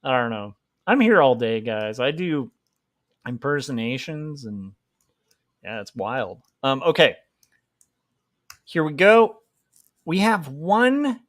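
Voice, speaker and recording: A man's voice: medium pitch, dry recording, studio quality. A man hosting a casual livestream while drawing, rambling and joking at his own expense. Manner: joking, rambling, self-mocking. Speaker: livestream host, comic artist.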